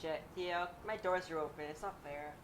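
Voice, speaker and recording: A woman chatting casually while gaming with friends, given to whiny protests and sudden yells. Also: sits low, fairly even intonation, normal speed, noisy background. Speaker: gamer streaming with friends.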